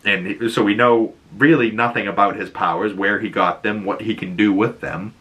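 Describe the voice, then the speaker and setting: A man with a Boston accent, chatting casually as he recaps episodes of a show and acts out the characters' lines in quick voices. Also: fairly low pitch, steady tone, pushed and bright, lo-fi sound.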